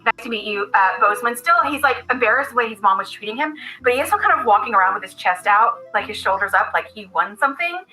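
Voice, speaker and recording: Bright-voiced woman game master. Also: on the high side, animated, quick pace, few pauses, faint music behind, low-quality recording. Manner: casual, rambling, many fillers. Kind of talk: narrating a tabletop game.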